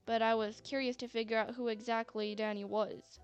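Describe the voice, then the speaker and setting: A woman's voice: fairly high pitch, little pitch movement, brisk, few pauses, clean tone. A woman narrating a story in a chatty manner, with sarcastic asides. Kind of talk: scripted narration. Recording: faint music bed.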